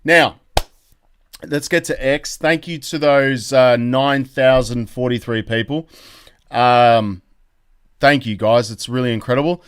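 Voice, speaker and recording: Excitable Australian man, smooth dry voice. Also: mid-range voice, takes it slowly, dry recording. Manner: excitable, rambling, exclamatory. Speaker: crypto YouTube host. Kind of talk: live-stream commentary reading chat.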